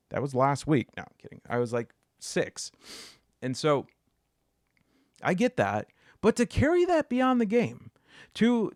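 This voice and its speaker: A man telling a story in a casual monologue, joking as he goes and climbing to a high, excited pitch when he gets worked up. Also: no room sound, clean studio sound. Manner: jokey asides, many fillers. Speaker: solo video essayist.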